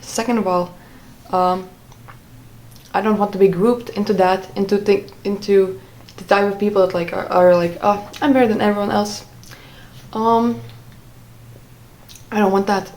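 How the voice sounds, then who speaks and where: A woman's voice: mid-range voice, steady tone, a little slow, darkish tone. A young woman telling a personal story in a casual monologue, rambling, with many fillers and restarts. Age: young adult. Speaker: vlogger.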